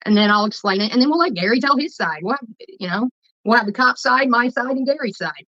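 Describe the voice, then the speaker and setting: A woman's voice: a little high, expressive, quick pace, pushed and bright, muffled recording. A woman vlogger telling a rambling, profane story while she cooks. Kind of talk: casual storytelling while cooking.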